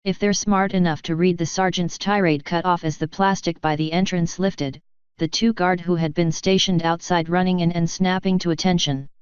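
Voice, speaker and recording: Female audiobook narrator, steady and even; lower voice, dry close recording. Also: moderate pace, smooth, no echo. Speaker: fanfiction reader. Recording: dry, slightly muffled.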